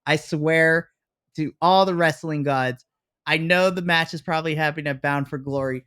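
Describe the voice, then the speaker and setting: A man co-hosting a wrestling review podcast, retelling a storyline in an exasperated, animated way with mock dialogue. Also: fairly high pitch, moderate pace, smooth. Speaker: podcast co-host. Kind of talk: casual wrestling review chat.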